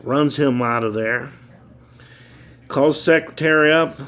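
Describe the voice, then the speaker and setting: A man's voice: mid-range voice, takes it slowly, fairly bright tone. A man telling a long joke in a folksy, easygoing way, with the odd um and uh. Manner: folksy, easygoing, with ums and uhs. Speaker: joke teller. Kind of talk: casual storytelling joke.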